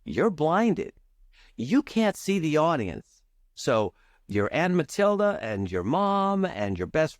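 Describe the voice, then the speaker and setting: Energetic man coaching with lively swings. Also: dry recording, studio quality. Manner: energetic, playful, swings pitch and pace for emphasis. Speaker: charisma coach, guest. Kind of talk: animated podcast coaching talk.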